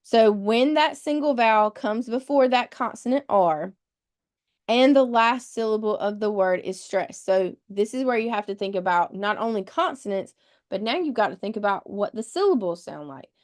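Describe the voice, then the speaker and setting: A woman's voice: medium pitch, animated, normal speed. A woman leading a test-prep webinar, patiently explaining rules step by step and spelling words out letter by letter. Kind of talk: live webinar teaching.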